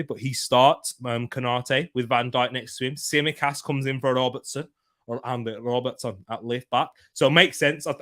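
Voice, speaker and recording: A young man with a mid-range voice and a fairly bright tone hosts a live football watchalong. It's casual live-stream chat, full of banter with viewers, regular laughter and comments from the chat read aloud.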